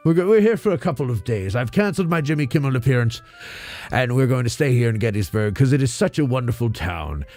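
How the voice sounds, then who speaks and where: A man's voice: medium pitch, animated, quick pace, darkish tone, soft background music, lightly acted. A man voicing a rambling, out-of-breath old Santa Claus on a comedy radio show. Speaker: host.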